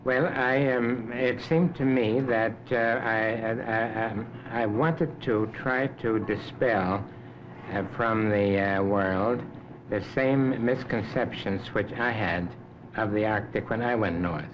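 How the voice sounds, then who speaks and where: An older man in his seventies with a lowish voice, giving slow, measured answers broken by pauses and fillers. The recording is dull and lo-fi, from the 1950s. A clear hiss runs under every word. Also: fairly even intonation. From Canada. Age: 70s. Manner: measured, unhurried, many hesitations. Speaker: interview guest, Arctic explorer. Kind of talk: unscripted interview answers.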